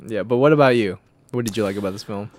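A man co-hosting a casual movie review podcast, talking loosely and animatedly, acting out quoted lines with jumps in pitch. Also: quick pace, a little mellow, no room sound. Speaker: podcast co-host. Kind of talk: casual film review chat.

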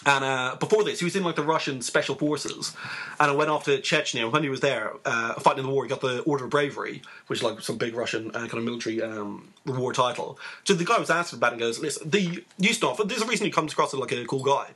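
A man's voice: medium pitch, quick pace, bright, forceful tone, slightly rough. A man, co-hosting a casual chat and rambling through stories with fillers. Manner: rambling storyteller, lots of fillers and laughs. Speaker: podcast co-host.

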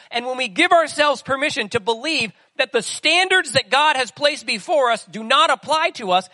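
High, bright-voiced preacher man. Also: dry recording. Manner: conversational preaching with rhetorical questions. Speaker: pastor. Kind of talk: sermon.

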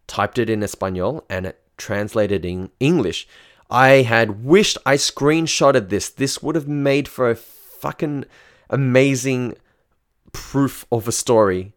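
A young man telling a personal story in a loose, chatty, profane way. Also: mid-range voice. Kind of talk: casual storytelling.

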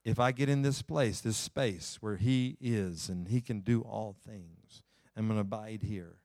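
A man preaching a sermon in church, folksy, climbing loud and then slowing down low to read scripture. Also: no room sound, clean studio sound. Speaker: pastor.

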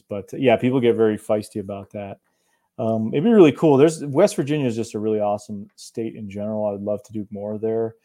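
A man's voice: on the low side, a little fast, mellow. A young man from northern Appalachia, co-hosting a casual chat in a laid-back, rambling way with frequent chuckles. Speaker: co-host of a cryptid show.

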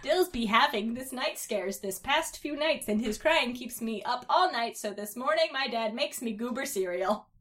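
A woman with a slightly bright, lively voice reads fan fiction aloud at a moderate pace, barely pausing. On her comedy podcast she laughs often and plays the babies in put-on high voices.

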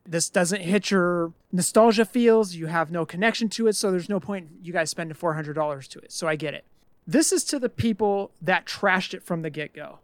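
A man's voice: sits high, no room sound. Dry-voiced man ranting on a podcast. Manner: ranting, exasperated, swears mildly. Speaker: podcast co-host. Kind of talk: casual podcast chat.

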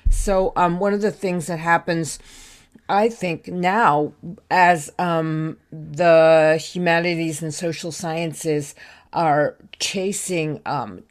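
An American woman speaking on a panel discussion, thoughtful but halting, with many ums and restarts. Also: deep voice, steady tone. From United States. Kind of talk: remote discussion contribution.

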